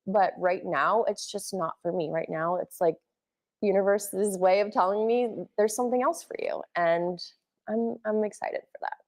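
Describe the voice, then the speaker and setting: A woman's voice: medium pitch, moderate pace, a little mellow. Candid woman in her thirties, emotional. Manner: open, emotional, uses "like" a lot. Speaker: interview guest, former wrestler. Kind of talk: candid interview conversation.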